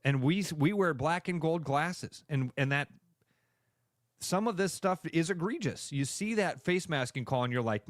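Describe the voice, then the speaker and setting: Radio sports guy, dry studio sound, gets animated acting out fans. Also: fairly high pitch, no echo. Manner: animated, acts out fans' reactions in quick voices. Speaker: radio sports show co-host. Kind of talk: sports talk radio chat.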